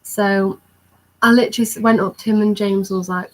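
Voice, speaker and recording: Young woman, chatty vlogger, recounts a story with breathless excitement. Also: medium pitch, a little fast, rough recording. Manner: excited, rambling recounting with many fillers. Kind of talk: storytime vlog.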